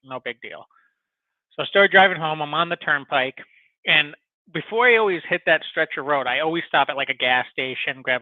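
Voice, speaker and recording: A man with a fairly high voice hosts a casual podcast, spinning a long, animated story packed with swearing and filler words. The sound is tinny and phone-like, with no echo.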